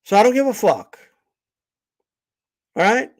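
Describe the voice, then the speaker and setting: A man's voice: high-pitched, very animated, a little slow. A man hosting a boxing channel livestream, ranting in a blunt, profane, confrontational way. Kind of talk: livestream rant.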